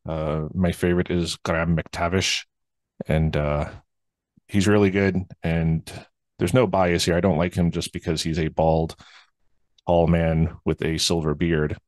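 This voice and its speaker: A man's voice: sits low, level tone, measured pace, darkish tone, no echo, clean studio sound. A man hosting a podcast, talking casually and rambling with lots of fillers. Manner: rambling, many fillers and restarts. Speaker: podcast host.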